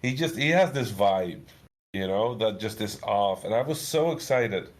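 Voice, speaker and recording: A man in his thirties, a guest game developer, telling a story in a chatty, animated way full of filler words. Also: fairly low pitch, a little slow. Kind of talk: casual storytelling.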